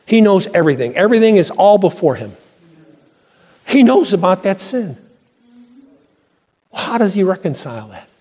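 A pastor preaching a sermon to his church, fervent and swelling to high exclamations. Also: very animated, normal speed, long pauses, darkish tone. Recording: long reverb from a church hall.

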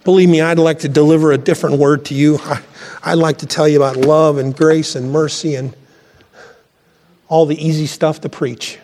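A pastor preaching a sermon to his church, fervent and swelling to high exclamations. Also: little pitch movement, normal speed, a little mellow. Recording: long reverb from a church hall.

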